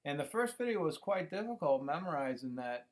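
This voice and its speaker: Middle-aged guy hosting his own channel, voice a bit high, loose rambling monologue full of ums. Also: sing-song, brisk. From United States. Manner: rambling, many fillers and restarts. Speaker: YouTube channel host. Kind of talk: casual monologue to camera. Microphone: computer microphone.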